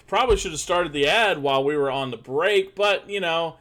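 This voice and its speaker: Brief: male game master, slightly high voice, relaxed and jokey. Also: fairly quick. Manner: casual, filler-heavy, joking. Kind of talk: running a tabletop game.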